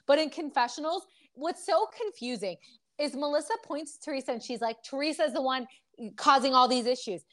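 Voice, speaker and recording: A woman's voice: high voice, brisk. A woman co-hosting a podcast, recapping a reality TV episode in casual chat and acting out quotes with drama. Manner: animated, acts out quotes in dramatic voices. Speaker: podcast co-host.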